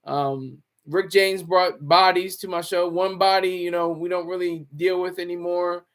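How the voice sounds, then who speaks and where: A man's voice: high-pitched, little pitch movement, measured pace, fairly bright tone. A man hosting his own livestream, chatting casually, joking and talking to his viewers. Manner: chatty, joking, talks to chat. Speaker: livestream host. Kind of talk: casual commentary.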